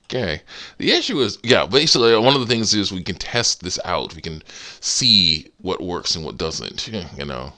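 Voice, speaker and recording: A man's voice: low voice, big pitch swings, moderate pace, bright, forceful tone. A man rambling casually about a game he is modding, giggling and breaking off mid-thought. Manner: rambling, giggly, self-interrupting. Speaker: game modder. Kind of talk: casual commentary while editing a game.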